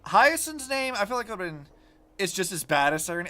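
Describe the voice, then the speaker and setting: Male streamer, casual game commentary, profane rants, very animated pitch. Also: fairly quick. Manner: rambling, profane, animated ranting. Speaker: vtuber streamer.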